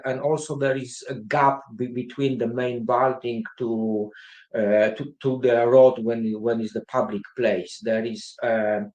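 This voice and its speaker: Male guest, mid pitch, halting delivery with many fillers, roomy echo. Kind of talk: casual livestream chat.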